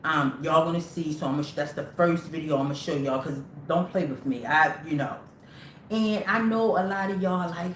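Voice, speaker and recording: A woman's voice: low-pitched, normal speed, roomy sound, a little hiss or hum. A woman hosting her own livestream, talking casually and rambling straight to her viewers. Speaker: livestream host.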